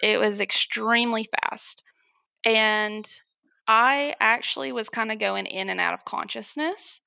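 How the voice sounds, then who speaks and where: A young woman candidly telling a personal story as a guest, animated and often laughing as she acts out what others said. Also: fairly high pitch, a little slow, creaky, dry recording.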